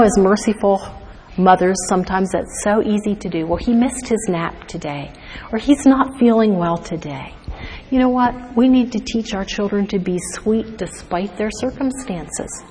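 A woman's voice: medium pitch, a little mellow, big-room sound, slight background noise, low-quality recording. A woman giving a devotional teaching talk to mothers, earnest and full of rhetorical questions. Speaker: speaker to mothers.

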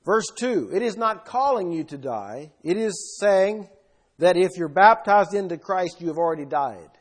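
Guy preaching, highish voice, punchy then hushed. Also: animated, normal speed, breathy edge. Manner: emphatic, swinging between loud bursts and quiet asides. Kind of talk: sermon.

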